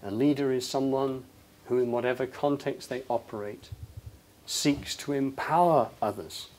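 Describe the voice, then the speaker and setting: A man giving an impassioned, emphatic inspirational talk to an audience, swinging between loud passages and hushed ones. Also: medium pitch, steady tone, moderate pace. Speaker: public speaker.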